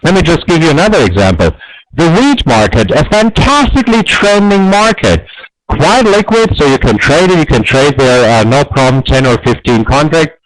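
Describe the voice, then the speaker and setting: Male trading teacher, webinar, high-ish and very lively delivery, persuasive. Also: moderate pace, no echo, poor audio. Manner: animated, persuasive, asks rhetorical questions. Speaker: trading instructor. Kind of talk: webinar lesson.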